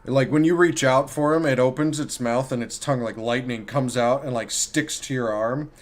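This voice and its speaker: A man running a tabletop role-playing game, narrating what the players see. He speaks at a mid-range pitch and describes things in a loose, casual way, full of fillers and restarts. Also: moderate pace. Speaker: game master.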